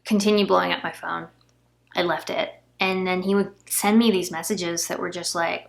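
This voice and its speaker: Young woman vlogger, raspy fry, candid and emotional telling of a family conflict. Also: on the low side, steady tone, moderate pace. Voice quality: gravelly fry. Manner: emotional, recounting an argument, near tears at times. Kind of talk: candid personal vlog storytelling.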